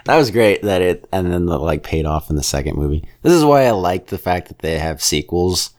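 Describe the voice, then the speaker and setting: A man with a very low, deep voice talks through a film in loose, casual podcast chat. He rambles from point to point, sharing blunt opinions and now and then dropping into quick impressions of characters. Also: lively intonation, darkish tone. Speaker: podcast co-host reviewing a film.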